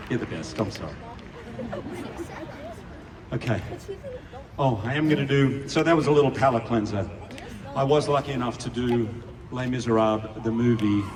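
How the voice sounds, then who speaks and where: A man's voice: medium pitch, distant mic. Australian man bantering on a live concert stage. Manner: playful, joking, audience-teasing. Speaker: stage performer. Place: large outdoor amphitheater. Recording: echoey live venue taped from the crowd. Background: orchestra and audience.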